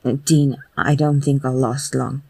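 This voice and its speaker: A narrator voicing an earnest, quietly intense adult man who speaks softly and haltingly. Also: medium pitch, steady tone, vocal fry, breathy edge, no room sound. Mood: earnest, breathy.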